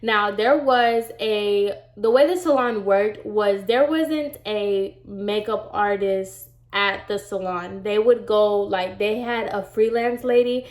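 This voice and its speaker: A woman's voice: medium pitch, slow, few pauses. A young woman with a stuffy nose from a cold, chatting through a rambling storytime at home, full of "like" and "y'all". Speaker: storytime vlogger. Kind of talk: casual storytime chat. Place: home room. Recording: roomy home echo.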